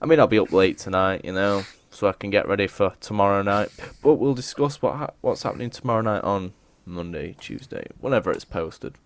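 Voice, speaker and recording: A man's voice: fairly low pitch, brisk, few pauses. A young English man co-hosting a casual podcast, sarcastic and sweary, who tells stories about callers. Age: young adult. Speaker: podcast co-host. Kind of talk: casual chat.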